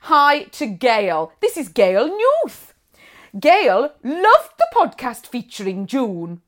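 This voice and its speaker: Brief: high-voiced, playful woman co-host, laughs often. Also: huge pitch swings, slow pace. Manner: giggly, playful, theatrical emphasis. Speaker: podcast co-host. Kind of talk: casual chat, reading listener messages.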